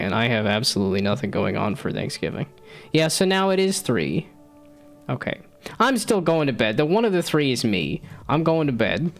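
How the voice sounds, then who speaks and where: A man in his thirties chatting casually on a live stream, rambling and self-deprecating, laughing often. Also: mid-range voice. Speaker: streamer and hobby game developer.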